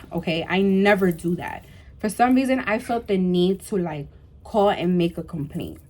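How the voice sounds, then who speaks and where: Animated young woman telling a story. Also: lowish voice, moderate pace. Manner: animated, fillers of "like" and "bro", emphatic repetition. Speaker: vlogger. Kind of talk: storytime vlog.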